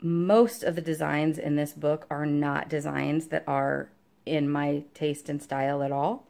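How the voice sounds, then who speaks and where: A woman's voice: deep voice, little pitch movement, measured pace, creaky, darkish tone. A woman chatting casually in a show-and-tell vlog about her stitching, rambling along with lots of fillers. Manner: talks to her dog between topics. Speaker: cross-stitch vlogger.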